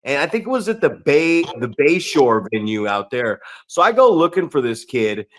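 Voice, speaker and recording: A man's voice: mid-range voice, sing-song, moderate pace, fairly bright tone. A middle-aged man, a veteran wrestler hosting a podcast, telling profane stories and asking his guest questions. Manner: profane, storytelling, asks questions. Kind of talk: casual podcast chat.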